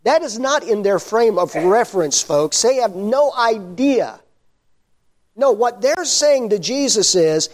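A middle-aged man preaching a sermon, telling Bible stories with lively acted-out shouts and hushed endings. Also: high voice, slow. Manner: animated storyteller, acts out disciples' shouts, drops to hushed tones.

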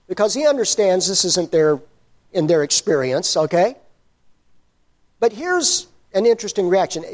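Middle-aged guy preaching, higher voice, acts out the stories loud then drops real quiet. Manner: animated storyteller, acts out disciples' shouts, drops to hushed tones. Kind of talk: sermon.

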